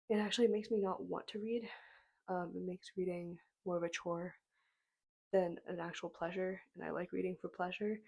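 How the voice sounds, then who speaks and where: A young woman vlogging casually about books at home on a small mic, a little hoarse from a cold and sprinkling her talk with ums. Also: fairly low pitch. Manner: relaxed, frequent ums, soft-spoken. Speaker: book vlogger. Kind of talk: casual talking-to-camera vlog. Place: home room with books behind. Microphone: small clip-on mic.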